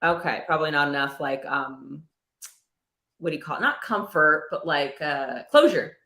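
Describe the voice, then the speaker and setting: A woman's voice: sits low, lively intonation, normal speed, sharp tone. A woman chatting casually, asking questions and laughing along. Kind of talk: casual chat.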